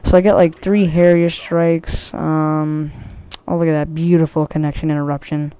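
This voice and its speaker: A woman's voice: low voice, level tone, moderate pace, mellow, clear, resonant tone, no echo. A woman giving casual, rambling commentary over a shooter match, swearing freely and full of ums and restarts. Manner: rambling, profane, many fillers and restarts. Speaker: gameplay commentator.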